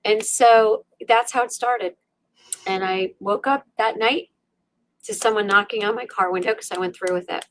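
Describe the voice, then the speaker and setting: A middle-aged woman telling a personal story as an interview guest, animated and full of fillers, acting out her own inner voice. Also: medium pitch, moderate pace. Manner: many fillers and restarts like "you know" and "like". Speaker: podcast guest.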